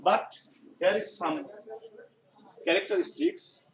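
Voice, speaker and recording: A male teacher with a Bangladeshi English accent giving a classroom grammar lesson, speaking slowly and repeating his phrases. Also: sits high, sing-song, crowd noise. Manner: slow, repetitive explaining, often restating phrases. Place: school classroom. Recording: echoey room, far mic, noisy background.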